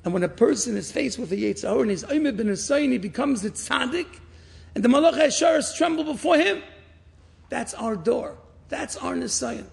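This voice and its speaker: A man giving a sermon, a rabbi telling stories with dramatic swings between loud and hushed. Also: very high voice, expressive, fairly quick, creaky. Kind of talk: inspirational sermon with storytelling.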